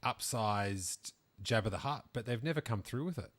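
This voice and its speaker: A man's voice: medium pitch, animated, normal speed, a bit bright. A man hosting a podcast, chatting casually and rambling with many restarts. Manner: rambling, with frequent restarts and fillers. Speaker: podcast host. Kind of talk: casual chat about collectibles.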